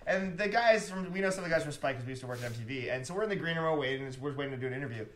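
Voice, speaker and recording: A man's voice: on the high side, expressive, rapid-fire. A man telling a story as a podcast guest, wry and joking. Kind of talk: casual podcast chat. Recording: roomy echo.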